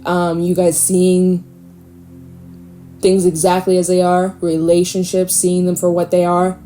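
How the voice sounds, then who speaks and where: A woman giving a casual, animated tarot reading, swearing freely and laughing often. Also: fairly low pitch, measured pace, faint music behind. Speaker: tarot reader.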